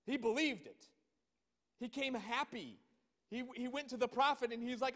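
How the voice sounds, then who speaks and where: A male pastor preaching a sermon, reading scripture slowly and emphatically and breaking off to comment with pointed rhetorical questions. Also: very high-pitched, big pitch swings, a bit bright. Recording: long hall reverb.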